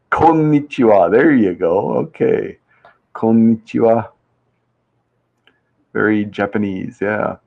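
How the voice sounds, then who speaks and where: Running a casual survey game on a livestream, this host chats away and reads viewers' answers aloud, laughing easily. His mid-range voice is creaky and darkish, and the recording sounds muffled.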